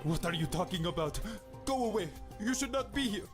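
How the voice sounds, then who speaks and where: A man's voice: high-pitched, lively intonation, a little fast. An actor playing a melodramatic male computer program who insults people and predicts doom. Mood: haughty. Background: game music.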